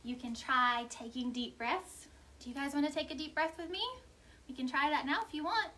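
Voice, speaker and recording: A woman children's librarian reading a picture book aloud at storytime, with an animated, sing-song delivery. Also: high voice, moderate pace, slight background noise. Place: library storytime recorded at home or library.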